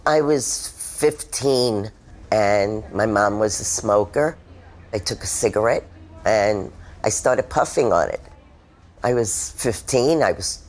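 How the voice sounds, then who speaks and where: Slow-spoken woman recounting her story. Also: extremely low pitch, a little mellow. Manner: candid, emotional storytelling. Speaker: former smoker giving testimony. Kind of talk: personal testimonial.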